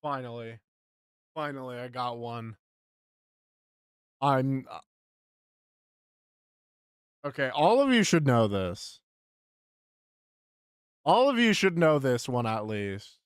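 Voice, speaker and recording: A man's voice: mid-range voice, animated, slow pace, pauses often, clear, resonant tone, no room sound, studio quality. A young man streaming live, chatting casually with his chat, frustrated, swearing and repeating himself.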